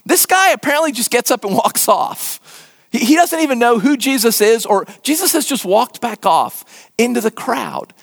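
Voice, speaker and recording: A man named as a pastor, preaching a casual sermon and acting out the people in the story in quick voices. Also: extremely high pitch, creaky. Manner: animated, acts out biblical dialogue in voices.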